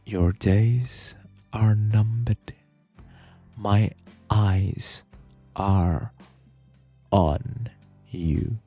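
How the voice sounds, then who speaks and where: A man's voice: on the low side, steady tone, extremely slow, pauses often, dark tone, breathy edge, faint music behind, full character voice. A man voicing a vindictive, menacing school principal in a scary little whispered growl, a whispered role-play.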